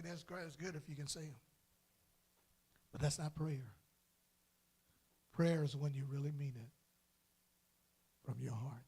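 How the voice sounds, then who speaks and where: Man preaching in church, slow and drawn out, kinda husky, soft then suddenly loud. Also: high-pitched. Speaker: pastor. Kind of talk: sermon. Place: church sanctuary.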